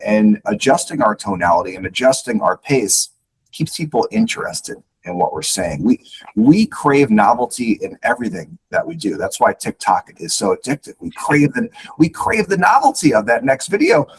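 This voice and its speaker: A man giving coaching advice as a podcast guest, instructive and animated, often repeating words as he starts sentences. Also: on the low side, breathy edge, rough recording. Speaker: guest speaker on leadership.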